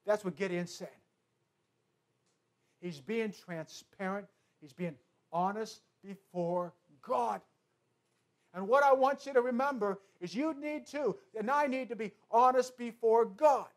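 A pastor with a notably high voice preaches to his congregation. He leans hard on repetition, shifts between hushed asides and ringing declarations, and keeps the tone earnest throughout. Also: unhurried. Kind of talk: sermon.

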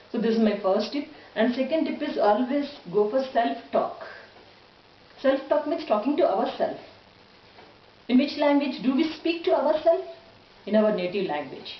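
A middle-aged woman with an Indian English accent gives an English lesson, earnest and instructive and often repeating herself. Her voice sits fairly high. She sounds distant and roomy, and the recording is slightly muffled. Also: a little hiss or hum. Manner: earnest and instructive, with many repetitions. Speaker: English communication trainer. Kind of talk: motivational lesson.

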